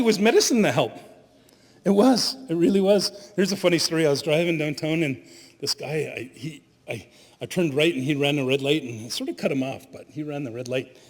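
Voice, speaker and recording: A middle-aged man giving an animated storytelling talk as a spiritual leader at a conference, laughing at his own stories. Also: fairly high pitch, brisk. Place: conference hall. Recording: long hall reverb.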